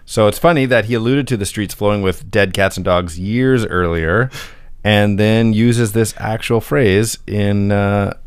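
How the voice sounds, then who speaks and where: A man with a low voice co-hosts a casual podcast. He works through his notes in an easy, chatty way and laughs often. The sound is dry and close to the mic. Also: unhurried, clean tone, no echo. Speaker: podcast co-host.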